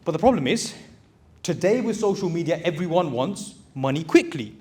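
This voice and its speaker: Here a motivational speaker in his 30s, who also owns a recruitment business, talks to a live crowd in a high voice with an animated delivery, moderate pace, and dark tone. Plain-spoken and pushy, he exhorts the audience directly and refers to them as brothers.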